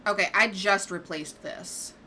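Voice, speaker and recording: A woman at a desk mic, talking slowly over her game in a bright, forward voice. She gets exasperated and swears freely, then coos at her cat. A faint background hum sits under her voice. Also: mid-range voice. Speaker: gaming streamer. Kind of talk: casual gameplay commentary. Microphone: desk microphone.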